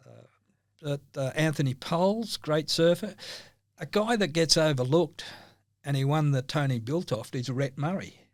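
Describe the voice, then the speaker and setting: A man's voice: on the high side, moderate pace, dry recording, studio quality. An older Australian man, a podcast guest in casual chat, telling rambling anecdotes and laughing often.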